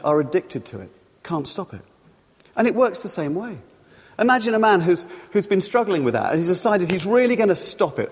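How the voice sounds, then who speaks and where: A man's voice: a little high, a little mellow, breathy edge. A man preaching a sermon, telling the story and illustrating it with everyday examples. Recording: long reverb of a large hall.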